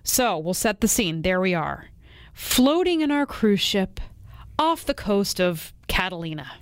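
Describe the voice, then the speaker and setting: A woman's voice: medium pitch, sing-song, measured pace, clean tone, no room sound, clean studio sound. A woman co-hosting a morning radio show, telling stories in a playful, giggly way. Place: radio studio.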